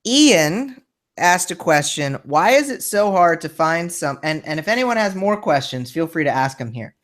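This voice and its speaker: Male host, somewhat high voice, friendly and hesitant, casual live chat. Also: sing-song, normal speed, a bit bright. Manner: friendly, hesitant, lots of fillers. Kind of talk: casual live-show chat, reading viewer questions.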